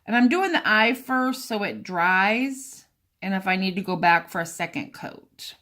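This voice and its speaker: A woman's voice: medium pitch, expressive, unhurried, sharp tone. A woman talking through a sewing and painting craft tutorial in a casual, chatty way, speaking straight to the viewer as she works. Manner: chatty, talks to the viewer while working. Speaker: craft vlogger.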